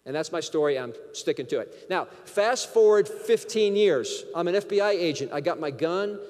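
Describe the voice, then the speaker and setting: A man from Connecticut delivers a keynote in a lively, anecdotal way, acting out bits of dialogue as he goes. His voice sits high for a man. The sound carries a long reverb from a large conference hall. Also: moderate pace. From Connecticut, USA. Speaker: keynote speaker. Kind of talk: storytelling keynote speech.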